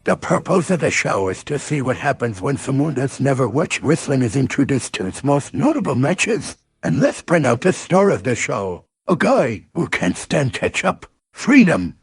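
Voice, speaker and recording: A man doing a raspy hooting robot announcer. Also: medium pitch, very animated, normal speed, dry recording, full character voice. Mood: gleeful. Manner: exaggerated cartoon hooting and bouncing. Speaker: show announcer.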